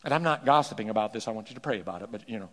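A man preaching a sermon as pastor, animated and quick to repeat words as he starts a thought. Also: on the low side. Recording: long hall reverb.

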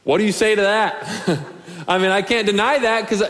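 Earnest young preacher in a reverberant hall. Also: male voice, high-pitched, moderate pace. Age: 20s. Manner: earnest, pleading, builds to shouts. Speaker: pastor. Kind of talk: sermon. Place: church sanctuary.

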